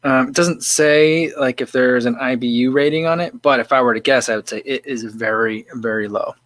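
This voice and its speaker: A man hosts a laid-back livestream at a middling pitch, wandering through his thoughts with plenty of "um" and "like." His voice sounds dry and close, with no room around it. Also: normal speed, a bit bright, no echo. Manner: easygoing, rambling with many fillers and restarts. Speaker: livestream host. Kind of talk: casual livestream chat, tasting beer and reading comments.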